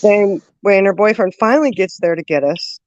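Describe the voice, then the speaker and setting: A mid-range female voice with no room sound, recorded dull and lo-fi. She's the host of a casual chat, telling a long tale with laughter and many fillers, lively and drawn out.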